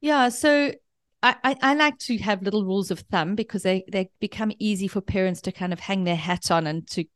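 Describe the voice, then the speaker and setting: A woman speaking as a parenting expert, giving long explanations built on examples and analogies. Her pitch sits in an ordinary middle range. The sound is dry and close, with no room echo. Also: a little fast. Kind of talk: explanatory interview answers.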